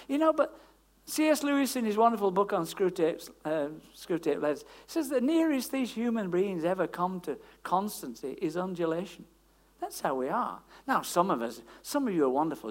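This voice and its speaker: A preacher giving a sermon in a conversational, emphatic style, full of tag questions and asides. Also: medium pitch. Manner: lively, emphatic delivery.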